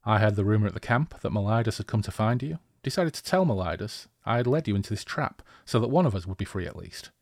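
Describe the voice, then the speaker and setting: A man's voice: on the low side, animated, quick pace, creaky, hardly any pauses, no echo, studio quality. A man voicing a glib, charismatic male scoundrel while reading a novel's dialogue aloud. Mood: sly, teasing. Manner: glib and teasing; yells commands when riding. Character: sly charismatic male scoundrel, an adult warrior.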